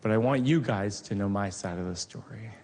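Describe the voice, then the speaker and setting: A man performing stand-up comedy on a theater stage, telling a story in a deadpan way with acted quotes, over audience laughter. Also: on the low side, brisk. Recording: live theater recording with long reverb.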